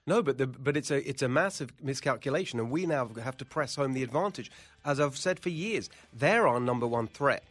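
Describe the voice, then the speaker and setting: A man's voice: medium pitch, expressive, fairly quick, fairly bright tone. An indignant male pundit with a mid-range voice, talking emphatically and stumbling over repeated words. He pushes his points hard. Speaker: political commentator guest. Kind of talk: heated political commentary.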